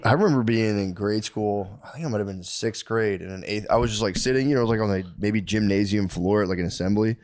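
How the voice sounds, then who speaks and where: A man with a low voice co-hosts a comedy podcast in loose, laid-back chat. His sound is dry and close, with no room around it. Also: fast talker, hardly any pauses, a little mellow, no room sound. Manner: laid-back, says bro and like a lot. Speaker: podcast co-host.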